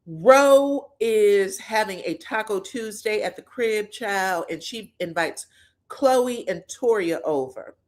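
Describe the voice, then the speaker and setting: A woman's voice: mid-range voice, expressive, takes it slowly. A woman host in casual, chatty commentary, retelling reality TV drama in blunt slang with frequent swearing. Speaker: pop culture commentator.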